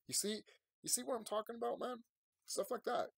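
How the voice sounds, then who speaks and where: A man's voice: medium pitch, big pitch swings, quick pace, gravelly, breathy edge, no echo, studio quality. Man ranting in a late-night vlog. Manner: rambling, swings from quiet and tired to loud and ranting. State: sleepy, yawning. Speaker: vlogger. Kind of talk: late-night emotional monologue to viewers.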